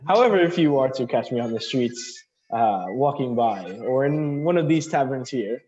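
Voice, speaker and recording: A man voicing an aloof, self-reliant woman apothecary who talks in a curt, unhurried way. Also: mid-range voice, lively intonation, darkish tone, muffled recording, close to an everyday voice. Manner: curt, unhurried, slightly haughty.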